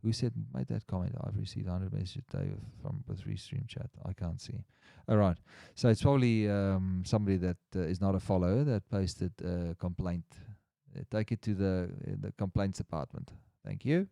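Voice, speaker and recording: A man's voice: low voice, lively intonation, fairly quick, vocal fry, warm tone, no echo, clean studio sound. A man hosting a casual livestream chat, rambling and restarting his sentences as he reads the chat aloud. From Australia. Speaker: livestream host.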